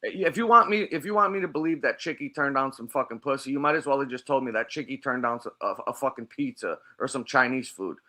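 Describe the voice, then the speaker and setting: A man's voice: medium pitch, fast, few pauses, pushed and bright. A man giving crude, mocking commentary, swearing often and sounding openly incredulous.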